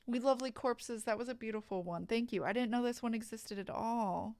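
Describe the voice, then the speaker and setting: A woman's voice: on the high side, brisk, a little mellow, no room sound, rough recording. A young adult woman streamer who reads aloud dramatically, then chats casually, gushing and swearing freely. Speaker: streamer reading aloud to chat. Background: background music.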